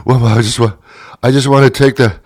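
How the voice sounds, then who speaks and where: A man's voice: medium pitch, fairly even intonation, quick pace, a little mellow, no echo, studio quality, voice pushed up, lightly acted. A man voicing a desperate, whiny beggar on the street, pleading over and over for one more cup of tea.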